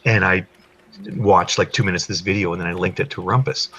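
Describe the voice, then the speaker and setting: A man co-hosting a casual group chat, talking in an animated way as he explains his points. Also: low-pitched, brisk, dull audio. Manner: chatty, animated when explaining. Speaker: podcast co-host.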